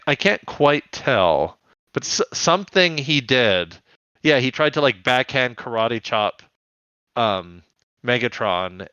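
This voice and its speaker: A man's voice: fairly low pitch, bright, forceful tone, clean tone, no echo, muffled recording. A man co-hosting a podcast, chatting casually and profanely and laughing often. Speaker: podcast co-host. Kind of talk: casual chat about a cartoon episode.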